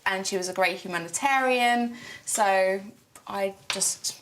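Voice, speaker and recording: A woman's voice: mid-range voice, a little slow, a bit bright, poor audio. Woman at a dinner table being polite and upbeat, kinda hesitant. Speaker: dinner guest. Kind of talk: casual chat at a dinner table.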